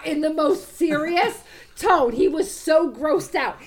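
A woman co-hosting a podcast, telling a story in casual chat and acting out quotes loudly. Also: high voice, lively intonation, takes it slowly. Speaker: podcast co-host.

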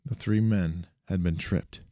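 A man's voice: low voice, steady tone, measured pace, dark tone, dry recording, clean studio sound. A man reading an action story aloud, often stumbling and restarting his sentences. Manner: frequent restarts and self-corrections. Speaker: narrator.

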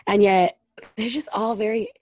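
Female podcast co-host, husky, outspoken, swears, dry close sound. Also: medium pitch, moderate pace, darkish tone, no room sound. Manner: blunt, opinionated, swears freely. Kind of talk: casual reality TV recap chat.

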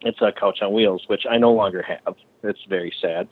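A man's voice: lowish voice, steady tone, normal speed, narrow, tinny audio. A custom bicycle frame builder, a man telling stories in a casual podcast interview, swearing freely and ranting heatedly.

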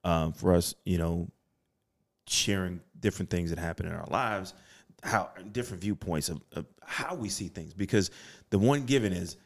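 A deep-voiced, middle-aged man co-hosts a podcast in a studio, speaking at a moderate pace. His casual chat is reflective, and he often starts his sentences over.

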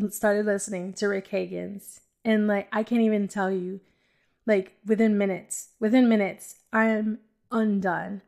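A woman's voice: medium pitch, vocal fry. A woman giving a casual personal faith testimony as a podcast host, rambling and joking with frequent laughs. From New York City. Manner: rambling, joking, laughs often between phrases.

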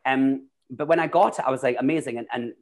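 A Scottish man talking through his stories in a loose, chatty way, often restarting his sentences. His pitch sits in the middle for a man, neither deep nor high. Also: fairly quick. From Scotland. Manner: chatty, rambling, with frequent restarts. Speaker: guest, drag queen and actor. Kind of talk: casual chat.

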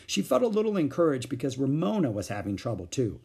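A man's voice: mid-range voice, fast talker, creaky, husky. A man reading a children's book aloud, narrating expressively. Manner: expressive, animated voices. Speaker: storyteller.

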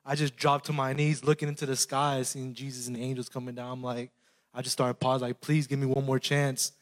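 A man's voice: mid-range voice, completely flat delivery, quick pace. A young man telling a personal faith testimony in an earnest, emotional way, with many fillers and restarts.

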